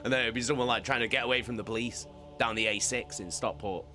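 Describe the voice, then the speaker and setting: A man's voice: mid-range voice, fairly even intonation, fast talker, sharp tone, faint music behind. A young man, chatting casually with his stream audience, swearing and laughing often. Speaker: streamer reading a novel with chat. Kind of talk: casual live-stream chat.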